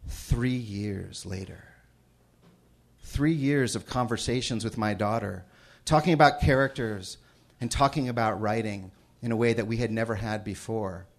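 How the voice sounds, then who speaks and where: A middle-aged man telling a personal story to a live audience, moving from hushed asides to loud dramatic moments. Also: on the low side, measured pace, gravelly. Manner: shifts from hushed asides to loud shouted reading. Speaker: storyteller on stage. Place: stage before a live audience.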